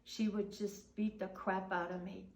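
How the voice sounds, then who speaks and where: A woman's voice: medium pitch, little pitch movement, measured pace, reverberant, far from the mic, lightly acted. An older woman quoting a scared little girl. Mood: worried. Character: frightened young girl afraid of her mother.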